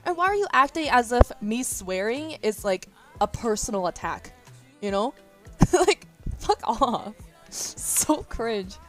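A woman's voice: fairly high pitch, big pitch swings, a little slow, faint music behind. A young woman streamer chatting casually with her viewers, rambling, swearing freely and laughing often. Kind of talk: casual chat. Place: indoors near a window. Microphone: iPhone as webcam.

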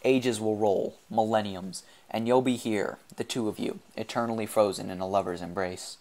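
A man voicing an insane half-man, half-machine male sculptor who speaks in a grandiose, theatrical, drawn-out way. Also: lowish voice, steady tone, darkish tone, lightly acted.

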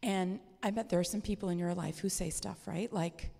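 A woman leads a children's talk during a church service, friendly and full of questions for the kids. Her voice is warm and a touch gravelly. The sound carries the long reverb of a church hall. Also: on the low side, fairly even intonation, normal speed. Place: church sanctuary.

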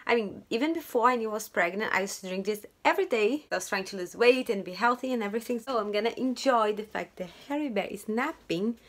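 A young woman at home chatting in a casual daily vlog, excitable and talking straight to her viewers. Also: on the high side, fast, few pauses. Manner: chatty and excitable, often says "you guys" to viewers. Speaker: vlogger, stay-at-home mom.

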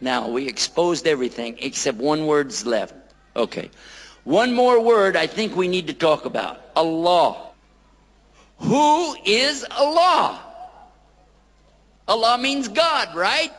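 Slow-talking man, playful lecturer quizzing a crowd, reverberant hall. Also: on the high side, big pitch swings, a bit bright. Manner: playful, quizzing the audience, repeating words slowly. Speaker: lecturer on Islam. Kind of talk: lively public lecture to an audience. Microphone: microphone.

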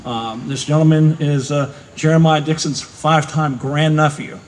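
Halting male master of ceremonies. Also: fairly high pitch, steady tone, low-quality recording. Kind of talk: ceremony announcing. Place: outdoor park ceremony.

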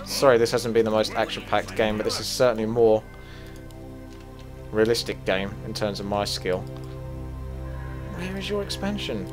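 A man commentating his own strategy game as he plays it, swearing freely and flaring into loud rage before calming down again. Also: lowish voice, moderate pace, over music. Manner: swears a lot, flares into loud rage then calms. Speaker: gaming commentator. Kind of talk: gameplay commentary.

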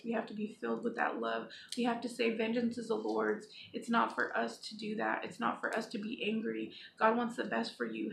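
A woman's voice: mid-range voice, creaky. A woman giving an earnest, pleading devotional talk to her viewers, reading scripture aloud now and then. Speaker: Christian vlogger. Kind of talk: informal spoken devotional. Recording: echoey room with faint background noise.

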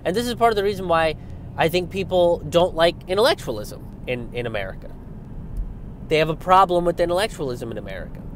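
A man's voice: on the high side, expressive, fast talker, a little hiss or hum. A young man hosting political commentary, talking in a sarcastic, profane rant and sliding into mocking put-on voices.

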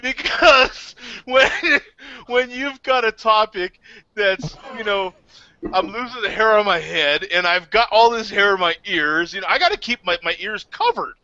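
A man hosting a casual podcast chat, excitable and laughing often. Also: high voice, a little slow, no echo. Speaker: podcast host. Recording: lo-fi online call audio.

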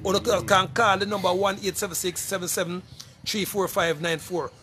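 A middle-aged Jamaican vlogger talks casually to the camera, pressing an emphatic, repetitive appeal for donations and calling out to people over and over. His voice is high with little pitch movement, delivered at normal speed in a sharp tone, with a faint hiss or hum in the background.

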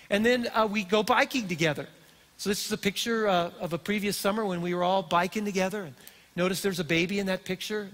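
An older pastor speaks from the stage of a church auditorium, telling stories with animated energy. His voice sits high for a man. It rings out with a long hall reverb. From Colorado, USA. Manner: storytelling, animated and warm-hearted. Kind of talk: sermon.

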